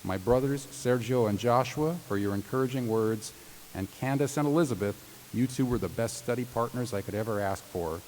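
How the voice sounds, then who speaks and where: A man's voice: mid-range voice, brisk, a little mellow. A man reading graduates' tributes aloud at a commencement ceremony, formal but with playful joking asides. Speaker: commencement announcer. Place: large commencement hall. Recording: reverberant hall with faint hiss.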